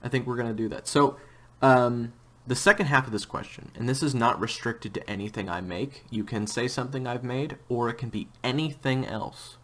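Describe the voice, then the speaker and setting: A man's voice: mid-range voice, normal speed, fairly bright tone. A man hosting a casual interview about his audio drama, rambling a little as he asks questions. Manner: rambling, with frequent restarts and tangents. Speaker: host and audio drama creator.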